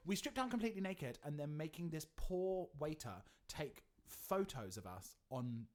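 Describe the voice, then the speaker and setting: A woman co-hosting a podcast, telling an animated story in casual chat, swearing freely and saying like a lot. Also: low-pitched, normal speed. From England. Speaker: podcast co-host.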